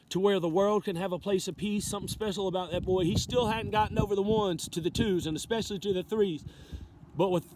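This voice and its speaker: A man giving a rambling, impassioned livestream monologue, swearing freely. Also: high voice. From United States. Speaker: livestream host.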